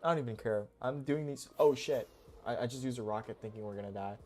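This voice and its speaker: A young man streaming a game, talking casually in a goofy, excitable, rambling way full of slang. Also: mid-range voice, fast, slight background noise. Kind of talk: casual live-stream commentary.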